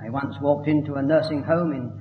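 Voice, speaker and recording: A man's voice: on the high side, fairly even intonation, fairly quick, background noise. A man preaching a sermon, emphatic and building to fervent declamation. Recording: echoey hall, dull lo-fi sound.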